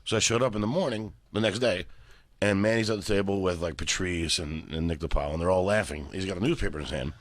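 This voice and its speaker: A man's voice: deep voice, fast, no room sound, clean studio sound. A man, a guest comedian, telling stories casually and acting out the voices of people in them. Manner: animated storyteller, acts out quoted voices. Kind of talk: casual storytelling.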